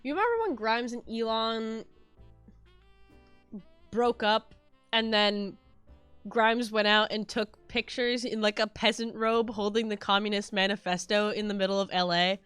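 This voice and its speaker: A woman's voice: medium pitch, a little slow, a bit bright, clean tone, no room sound, faint music behind. A woman streaming live, chatting casually and laughing often. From United States.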